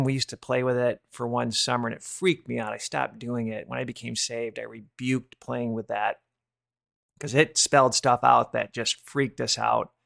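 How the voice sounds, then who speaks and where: A man's voice: medium pitch, vocal fry, no room sound, clean studio sound. A man in his fifties hosting a Christian ministry podcast, giving an earnest, confessional testimony. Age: 50s. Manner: earnest, confessional, trails off quietly. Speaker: host of a watchman ministry podcast. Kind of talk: casual religious testimony.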